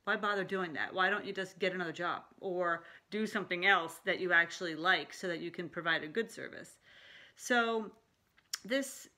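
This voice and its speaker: A middle-aged woman with a bright, forward voice, chatting to camera as a life coach. She talks in an animated, loose way, with frequent laughs and asides. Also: on the low side, normal speed. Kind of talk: casual talking-head vlog.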